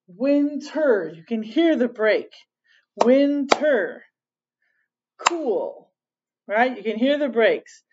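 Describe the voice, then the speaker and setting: A woman's voice: on the high side, dull audio. A woman teacher leading a children's circle time, singing and explaining in a cheerful, sing-song way. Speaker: preschool teacher.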